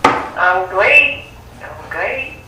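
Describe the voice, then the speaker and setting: A woman's voice: mid-range voice, expressive, very slow, noisy background. A woman from Brooklyn with a Brooklyn accent, getting a tarot reading and giving short, amused replies. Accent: Brooklyn New York. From Brooklyn, New York. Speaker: tarot client. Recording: very echoey room.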